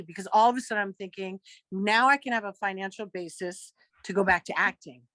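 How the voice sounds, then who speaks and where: A woman in her fifties tells a story as an interview guest, her pitch sitting in the middle range and her delivery full of acted-out lines. The sound is dry and close, with no room around it. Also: brisk, no room sound. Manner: lively storyteller who acts out quoted dialogue. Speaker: guest actress.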